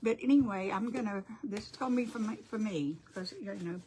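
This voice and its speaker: A woman's voice: medium pitch, fairly quick, mellow, slight background noise. An older woman hosting a casual crafting livestream, chatty and apologetic as she greets viewers by name.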